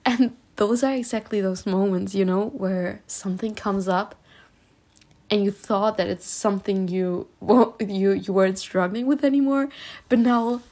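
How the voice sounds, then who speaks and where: A woman from Spain giving a heartfelt personal talk as a self-healing vlogger. She speaks haltingly, restarts often, and reassures her listener earnestly. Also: mid-range voice, warm tone.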